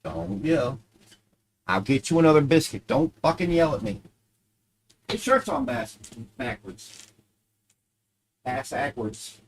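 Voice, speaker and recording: A man's voice: medium pitch, big pitch swings, unhurried, long pauses, poor audio. A man streaming a game, chatting casually, swearing freely, scolding his dog and joking with viewers. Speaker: gaming streamer.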